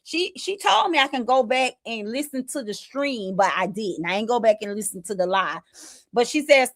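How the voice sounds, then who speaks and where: A woman with a somewhat high voice and a hosts a casual livestream. She retells conversations animatedly, quoting others and addressing her viewers directly. The recording is dry and close, with little room sound. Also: normal speed, no room sound. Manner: animated storytelling, retelling quoted exchanges, talks to chat. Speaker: livestream host.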